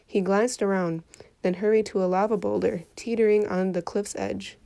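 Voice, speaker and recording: A woman reading a folktale aloud for children in an expressive storytelling voice. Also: medium pitch, normal speed, vocal fry.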